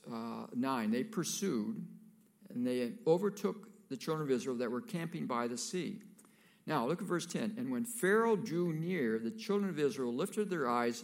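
Gravelly-voiced male pastor preaching. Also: mid-range voice. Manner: reads scripture aloud and adds casual asides to the congregation. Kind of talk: sermon.

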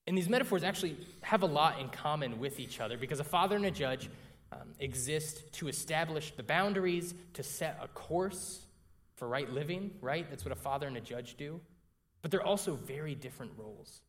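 A young man preaches a sermon by telling a personal story conversationally, often checking in with the congregation through frequent "right?" asides. His voice is on the high side, expressive and fairly quick.

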